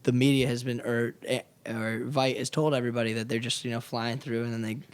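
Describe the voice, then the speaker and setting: A man on a casual podcast who recaps a show in a loose, rambling way, full of "you know" and "like". His voice sits in an ordinary middle pitch. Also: little pitch movement, brisk, clean tone. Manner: rambling, many fillers, acts out characters. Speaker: podcast co-host.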